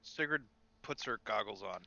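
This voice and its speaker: A man with a gravelly voice playing a tabletop game, hesitant and apologetic. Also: on the low side, lively intonation, normal speed, bright, forceful tone, dull audio, a little hiss or hum. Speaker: player.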